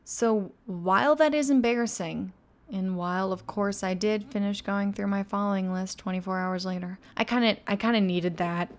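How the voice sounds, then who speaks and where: A woman in her twenties talks alone at home as a podcast host. Her voice sits in a middle pitch range. She sounds candid and self-mocking and swears often. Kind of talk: casual confessional monologue.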